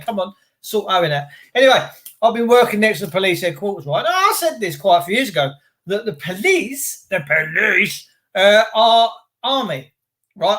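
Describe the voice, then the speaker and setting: A man's voice: sits high, fairly bright tone. A man, chatting and joking on a casual livestream while greeting viewers by name. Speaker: livestream host.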